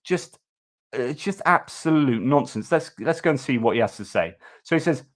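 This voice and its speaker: A man's voice: mid-range voice, animated, normal speed. A man hosting a news livestream, giving casual commentary in a chatty, informal way with many fillers and restarts.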